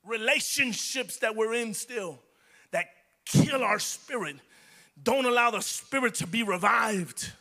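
A man's voice: extremely high pitch, lively intonation, measured pace, pushed and bright. A male pastor preaching a sermon in a church, fervent and repeating his phrases for emphasis.

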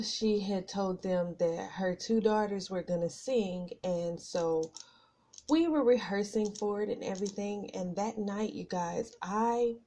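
Middle-aged lady podcasting from her desk, nervous and breathless, slow and mellow, lots of ums. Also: mid-range voice. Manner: nervous, rambling with many fillers. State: out of breath from nerves. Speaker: podcast host. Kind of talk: casual personal chat. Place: home office at a computer.

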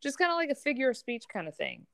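A woman with a fairly high voice chats about a TV show, giggling as she goes. The sound is dry and close, with no room around it. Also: big pitch swings, quick pace, gravelly, pushed and bright, no room sound. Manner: chatty, giggly. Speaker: podcast co-host. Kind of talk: casual chat about a TV show.

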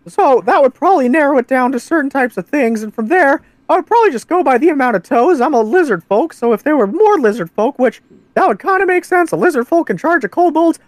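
A woman's voice: high voice, dry recording. A woman playing a tabletop game, thinking aloud in a chatty, casual way. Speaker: player.

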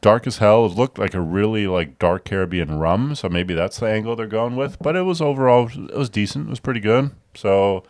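A man's voice: on the low side, fairly quick, few pauses, darkish tone, no echo. A man co-hosting a casual podcast chat with friends, joking, rambling and laughing often. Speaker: podcast co-host.

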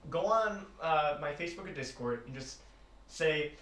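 A young man co-hosts a loose podcast chat, joking in slang and laughing often. His voice sits a little high and swings widely in pitch. He is recorded at a distance in an echoey room. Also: expressive, normal speed, pushed and bright, a little hiss or hum. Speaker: podcast co-host. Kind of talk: casual chat. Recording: echoey room, far from mic.

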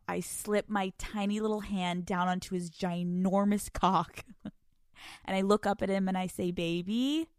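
A woman's voice: mid-range voice, fairly bright tone, no echo, studio quality. A woman in her twenties hosting a podcast, telling a story in a casual, profane, laughing way and acting out the quotes. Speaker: podcast host.

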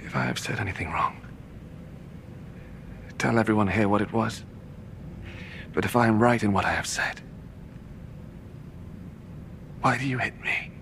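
An actor playing Jesus as a calm adult teacher in an audio Bible drama, speaking in a measured, reasoning way. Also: male voice, on the low side, creaky, slight background noise.

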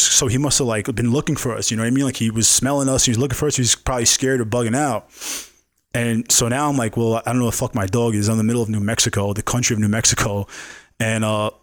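A man spins a rambling, profanity-laced story with animated energy. His voice sits at an ordinary middle pitch, and the sound is dry and close with no room around it. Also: dry recording. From New York. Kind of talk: casual storytelling chat.

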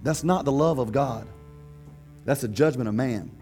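A man preaching a sermon as pastor, conversational and lively, laughing often and acting out quotes. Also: medium pitch, normal speed, soft background music.

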